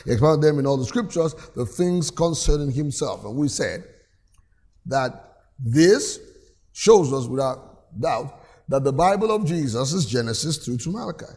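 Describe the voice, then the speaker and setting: A man's voice: a little high, expressive, moderate pace, darkish tone. Preaching man with a raised voice. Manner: preaches with call-and-response, reads scripture aloud. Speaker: pastor. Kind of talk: sermon. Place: church.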